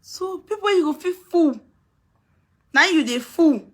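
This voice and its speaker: A woman's voice: very high voice, lively intonation, unhurried, fairly bright tone. A woman speaking Nigerian Pidgin English, ranting on a live video, scolding and taunting someone and repeating herself. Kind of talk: heated live video rant.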